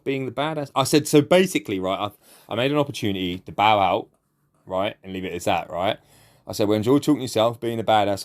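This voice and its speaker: A young man giving casual, sweary gameplay commentary and laughing often as he recounts chatting with a player. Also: fairly low pitch. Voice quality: sweary, laughs a lot while telling it. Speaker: gaming YouTuber.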